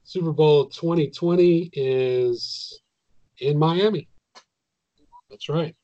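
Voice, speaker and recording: A man co-hosting a sports podcast, talking through his picks in a measured, analytical way with some hesitations. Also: fairly high pitch, mellow, no echo, lo-fi sound. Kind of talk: casual sports chat.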